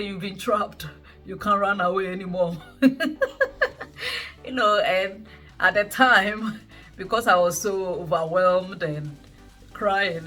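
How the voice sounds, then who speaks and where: A woman's voice: fairly low pitch, pushed and bright. A woman in her thirties, chatting and laughing as she retells her birth story to her viewers. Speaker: vlogger recounting her birth. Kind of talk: casual storytelling to camera.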